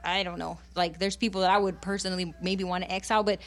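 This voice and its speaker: A woman's voice: lowish voice, little pitch movement, fast. A woman preaching on a radio program, fervent and conversational, switching between English and Spanish to encourage listeners.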